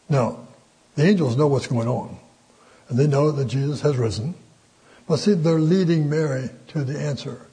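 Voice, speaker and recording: An older man leads an informal Bible lesson in a slightly raised, mellow voice. He talks in a folksy, halting way, with frequent "uh"s and restarts as he works through the passage. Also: on the high side, husky, poor audio. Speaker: Bible teacher. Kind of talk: informal Bible study teaching.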